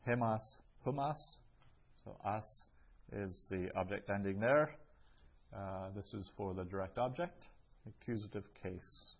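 A man's voice: fairly low pitch, slow pace, long pauses, dull audio. A man teaching a language lesson, patiently repeating each phrase and explaining it step by step. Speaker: Greek teacher. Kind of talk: classroom lesson.

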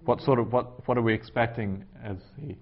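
A man teaching a class, working through a translation aloud in a halting way with many fillers. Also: mid-range voice. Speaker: Greek teacher. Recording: dull lo-fi classroom recording.

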